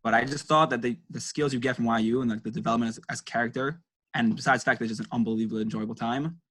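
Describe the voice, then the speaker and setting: Young man, interview guest, fast talker, average pitch, casual and thoughtful. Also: steady tone, a bit bright. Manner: quick, thoughtful, many fillers.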